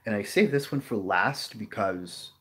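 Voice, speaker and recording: A man with a low, deep voice talks through a geography lesson without a script. His delivery is loose and rambling, and he often falls back on "you know" while he thinks. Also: animated, unhurried, a bit bright, slightly rough. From New Orleans area, Louisiana. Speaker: geography video host. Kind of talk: unscripted explanatory talk.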